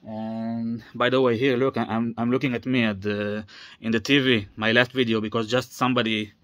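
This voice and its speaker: A man's voice: mid-range voice, little pitch movement, moderate pace, a bit bright. Tired guy in his 30s rambling on his vlog, lots of uhs and restarts, keeps losing the thread. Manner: meandering, many fillers and restarts, trails off. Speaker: vlogger.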